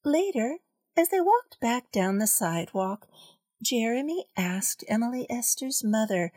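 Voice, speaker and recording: A woman reading a children's story aloud, carefully and clearly. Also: on the high side, very animated, measured pace, darkish tone, no room sound, clean studio sound.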